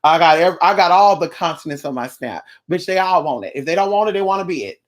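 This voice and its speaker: A woman's voice: on the low side, lively intonation, fast. A woman ranting in a casual vlog, sassy and blunt, with plenty of profanity and mocking asides. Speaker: vlogger.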